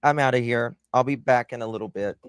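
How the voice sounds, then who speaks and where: A man's voice: mid-range voice, brisk, clear, resonant tone, no echo. A man hosting a live true-crime stream, talking bluntly and sarcastically, swearing and chatting with viewers by name. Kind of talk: casual live-stream commentary.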